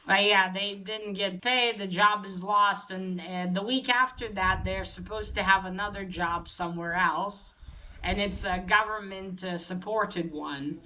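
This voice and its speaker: A woman casually recapping a comic book plot, halting with many fillers and restarts. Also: mid-range voice, bright, forceful tone, poor audio.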